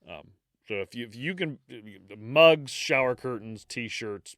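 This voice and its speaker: A man's voice: medium pitch, lively intonation, takes it slowly, a bit bright, no room sound, studio quality. A man co-hosting a podcast in casual chat, easygoing and teasing, laughing often. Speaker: podcast co-host.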